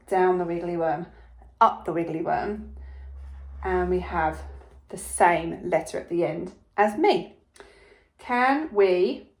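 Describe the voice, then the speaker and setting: Slow, encouraging woman teaching phonics. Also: on the low side, a little mellow. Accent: English. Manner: slow, encouraging, sounds out letters clearly. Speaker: primary school teacher. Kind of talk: phonics lesson for young children.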